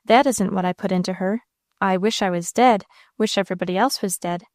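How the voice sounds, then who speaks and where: A woman's voice: mid-range voice, fairly quick, no echo, clean studio sound, natural voice. A woman reading aloud as a father who makes talking dolls, speaking in a brusque, folksy way. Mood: bewildered. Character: blustery doll-making father, impatient.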